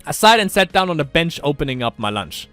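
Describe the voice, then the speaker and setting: A man doing a let's-play of a visual novel, reading it aloud and breaking off into rambling, laughing asides. His pitch swings widely and sits a bit high, with faint game music underneath. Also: very animated, a little fast, a bit bright, dry recording.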